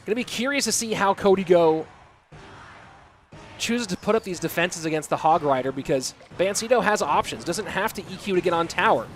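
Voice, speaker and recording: A man casting live esports play-by-play, chatty and reading out viewer messages between plays, getting excited at big plays. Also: sits high, a little fast, slight background noise. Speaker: esports caster and stream host. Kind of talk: live play-by-play game commentary.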